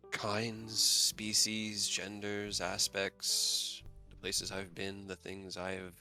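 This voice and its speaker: A man voicing an ancient, worldly shadow elf in a tabletop game, speaking flat and emotionless. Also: medium pitch, slow, soft background music. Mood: deadpan. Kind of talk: role-playing in a tabletop game.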